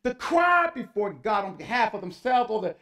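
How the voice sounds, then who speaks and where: A man's voice: high voice, very animated, normal speed, sharp tone. An older man, a pastor, preaching a sermon with rising fervour, stressing his points and urging the congregation to speak to their neighbours.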